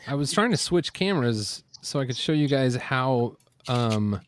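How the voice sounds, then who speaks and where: A man's voice: mid-range voice, animated, measured pace, slight background noise. A man chatting casually on a group live stream, rambling with fillers and laughing at himself. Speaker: streamer and panel guest.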